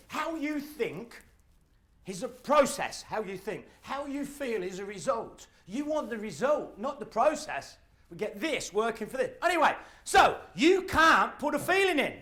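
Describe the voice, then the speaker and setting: A middle-aged man, giving a live motivational talk and telling stories with acted-out voices and shouts. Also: extremely high pitch. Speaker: motivational speaker.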